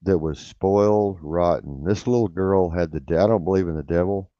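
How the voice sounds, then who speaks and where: An older man with a very low, dark voice tells a long story in a rambling, blunt way, swearing freely and circling back on himself. The sound is dry and close, with a dull lo-fi radio quality. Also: normal speed, no room sound. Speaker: radio show host. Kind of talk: casual storytelling.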